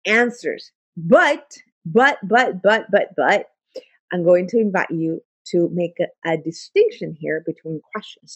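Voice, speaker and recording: A woman's voice: on the low side, dry recording. A woman life coach giving a motivational talk, emphatic and full of repeated affirmations.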